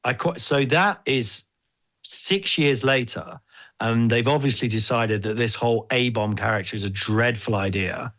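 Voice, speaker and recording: A man hosting a podcast, chatting casually in an animated, rambling, jokey way. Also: mid-range voice, unhurried. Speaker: podcast host.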